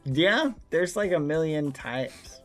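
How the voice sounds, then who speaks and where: A man's voice: slow, soft background music. A man streaming a survival game, chatting casually and yelping when startled. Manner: excitable, yelps up high when startled. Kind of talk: casual gaming chat.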